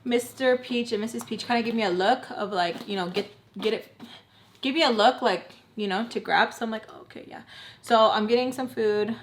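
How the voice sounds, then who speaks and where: A woman's voice: a little high, moderate pace, a little hiss or hum. A young woman tells a storytime to her camera while she does her makeup. She talks in a loose, chatty way and acts out what everyone said. She leans on "like" again and again. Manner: chatty, heavy use of "like", acts out quoted voices. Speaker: storytime vlogger. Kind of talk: casual storytime. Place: home, doing makeup.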